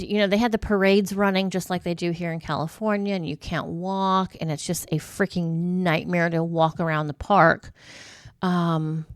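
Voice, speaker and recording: A woman's voice: fairly low pitch, a bit bright, dry recording. A middle-aged woman chatting casually to the camera as a vlogger, rambling through stories with asides and fillers. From United States.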